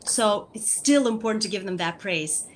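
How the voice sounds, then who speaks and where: A woman's voice: medium pitch, moderate pace. A woman explaining speech activities for young children to parents, patient and repetitive, checking in with "okay?" after each point. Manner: patient, repeats key points, frequent "okay?" check-ins. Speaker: speech therapist guest. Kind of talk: instructional talk to parents.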